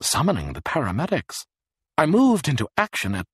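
A man reading an audiobook, voicing an odd, clinical man who talks in smooth, jargon-laden phrases. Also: fairly high pitch, huge pitch swings, moderate pace, a bit bright, no echo, clean studio sound, pitched above the performer's own voice, exaggerated voice. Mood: detached.

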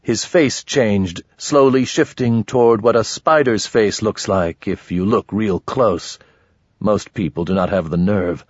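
Brief: husky male audiobook narrator, dry and steady, with slightly dull audio. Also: fairly low pitch, a little slow, no room sound. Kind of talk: first-person audiobook narration.

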